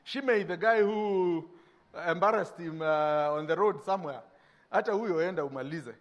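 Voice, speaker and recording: A Kenyan man delivers a sermon in a high-pitched voice. He preaches with energy, dropping to hushed lines and then rising again, and acts out everyday dialogues to make his point. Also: normal speed, muffled recording. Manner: animated preaching, acting out mock dialogues, swinging between loud and hushed. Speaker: pastor.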